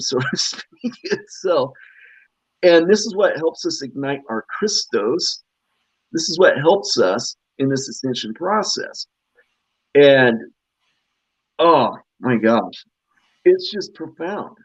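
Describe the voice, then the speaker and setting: A man's voice: mid-range voice, no room sound. A man speaking earnestly and emotionally in a spiritual talk-show conversation, rambling with fillers over a video call. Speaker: guest speaker. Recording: dull, lo-fi dry audio.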